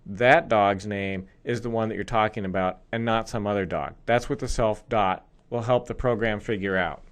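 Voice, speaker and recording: A man's voice: fairly low pitch, normal speed. A male programming instructor explaining code step by step in a recorded screencast lesson.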